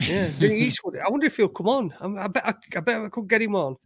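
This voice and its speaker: A man hosting a loose live chat show, swearing freely and laughing between comments. His voice sits high, and the sound is dry and close with no room around it. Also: animated, fast, fairly bright tone, breathy edge, no echo. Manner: sweary, blunt, laughing banter. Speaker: podcast host. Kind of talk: casual live-stream chat reading comments.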